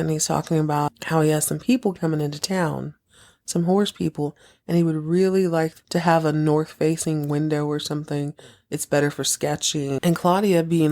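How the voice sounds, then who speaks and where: Chatty sarcastic woman with a mellow voice. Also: deep voice, moderate pace. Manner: sarcastic, chatty, acts out quotes. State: sick, taking cough medicine. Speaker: podcast host recapping a TV episode. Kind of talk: casual chat recap.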